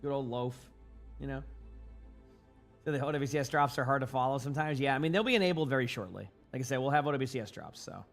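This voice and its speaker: A man's voice: medium pitch, fast, creaky, faint music behind. Groggy streamer man chatting casually. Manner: rambling, repeats words, answers chat. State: morning voice, just woke up. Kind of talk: casual livestream chat.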